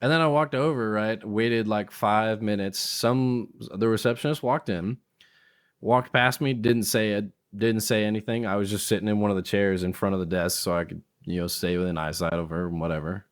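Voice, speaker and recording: A man's voice: on the low side, moderate pace, clean tone. A man hosting a podcast, telling a story casually, swearing and acting out what people said. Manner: animated storyteller who swears and acts out quotes. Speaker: podcast host.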